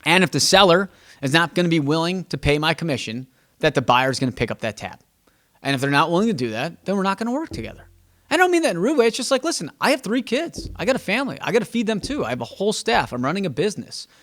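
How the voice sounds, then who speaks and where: Male podcast host, real estate agent; slightly high voice, quick and emphatic, casual monologue. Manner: animated, emphatic, repeats words when thinking aloud; acts out quoted exchanges with clients.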